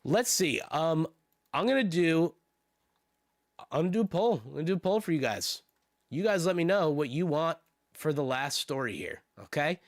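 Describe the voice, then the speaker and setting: A man reading news on a stream, breaking off into sardonic, profane asides. His voice is gravelly and swings widely in pitch. The sound is dry and close to the mic. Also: expressive, moderate pace, no room sound. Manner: sardonic, cursing, laughing asides. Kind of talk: casual commentary while reading news aloud.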